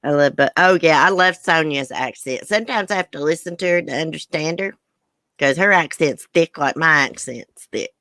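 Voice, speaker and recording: A woman's voice: deep voice, moderate pace, fairly bright tone, dry recording. An older woman with a thick Southern country accent, chatting casually on a livestream and reading viewer comments aloud. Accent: American Southern. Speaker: livestream host.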